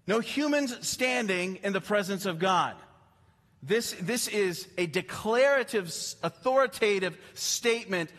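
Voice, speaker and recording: A male pastor preaching, reading scripture and then explaining it with animated emphasis. His voice sits high and often stumbles into repeated words. The sound carries the long reverb of a large hall. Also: moderate pace.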